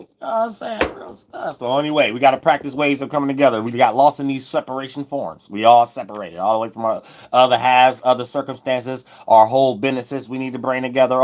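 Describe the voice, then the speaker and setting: A man giving a loose, rambling spiritual astrology monologue, repeating himself and breaking into sudden loud, high shouts. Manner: loose, preachy, repeats "you know what I'm saying", bursts into loud high shouts.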